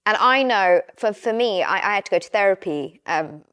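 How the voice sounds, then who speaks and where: A woman's voice: medium pitch, moderate pace, smooth. A young woman, a podcast guest chatting casually and acting out little exchanges as she tells stories. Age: young adult. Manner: animated storyteller who acts out quoted exchanges. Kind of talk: casual chat.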